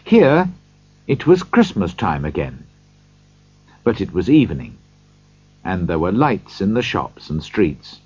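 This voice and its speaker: A man narrating a storybook in a slow, highly expressive reading. His pitch swings widely and his voice is slightly husky. The recording is dry, dull and lo-fi. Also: no echo.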